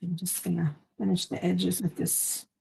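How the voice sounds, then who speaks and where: A woman's voice: lowish voice, level tone, moderate pace, vocal fry, a little mellow, breathy edge. A woman hosting a casual craft live stream from home, chatting in a meandering way with lots of fillers, recorded on a phone. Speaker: craft channel host.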